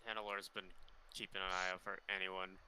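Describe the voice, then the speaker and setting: A man playing a tabletop game, speaking in a quiet, low-key way. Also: level tone, a little fast, smooth, low-quality recording. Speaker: player.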